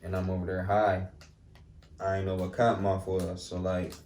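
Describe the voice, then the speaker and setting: A man's voice: low-pitched, completely flat delivery, normal speed, darkish tone. A young man from Milwaukee telling laid-back, slangy stories as a guest in a casual chat. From Milwaukee, Wisconsin. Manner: laid-back slangy storytelling, lots of "you know what I'm saying". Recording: roomy echo, distant mic, faint noise.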